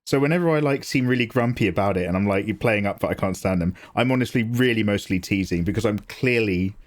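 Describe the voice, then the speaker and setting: A man in his forties chatting casually on a live drawing stream, animated and self-deprecating, swearing freely. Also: quick pace. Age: 40s. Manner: mocks others with squeaky high voices. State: tearing up, emotional. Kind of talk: casual livestream chat. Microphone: desk mic, no camera.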